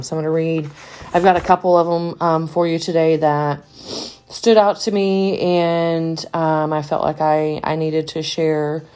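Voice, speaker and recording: A woman's voice: deep voice, vocal fry, darkish tone. A woman hosting a podcast in a casual monologue, rambling with lots of fillers and restarts. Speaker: podcast host.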